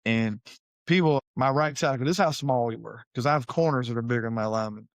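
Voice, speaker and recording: A middle-aged man tells coaching stories in an easygoing, animated, folksy way. His voice sits at an ordinary middle pitch for a man. The recording is dry and close, with almost no room sound. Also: fast, no room sound. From Savannah, Georgia, US. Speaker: high school head football coach, guest. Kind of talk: casual storytelling interview.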